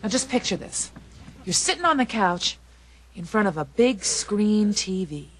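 A drawling sitcom housewife. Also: female voice, medium pitch, very animated, unhurried, very noisy. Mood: coaxing. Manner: drawling, sly and teasing. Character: brassy, lazy sitcom housewife. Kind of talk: sitcom acting. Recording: loud studio audience laughter.

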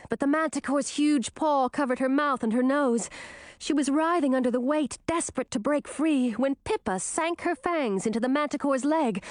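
A woman narrating a fantasy audiobook with expressive, dramatic storytelling. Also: high-pitched, no echo, clean studio sound.

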